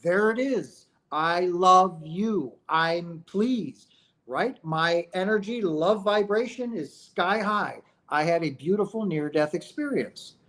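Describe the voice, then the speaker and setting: A man's voice: high-pitched, slow pace, fairly bright tone. A man hosting a spiritual livestream, talking emphatically and preachily, firing off rhetorical questions and often asking "right?" and calling out to "guys". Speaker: streamer talking about near-death experiences.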